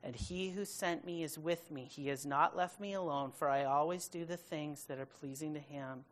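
A woman with a fairly low voice leads a Bible study. She reads scripture aloud, then retells it in loose, casual speech. She stretches important words out slowly for emphasis. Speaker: Bible teacher.

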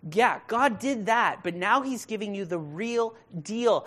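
A preacher giving a casual, conversational sermon, asking rhetorical questions and paraphrasing in modern slang, building to loud emphatic bursts. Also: mid-range voice, lively intonation, measured pace.

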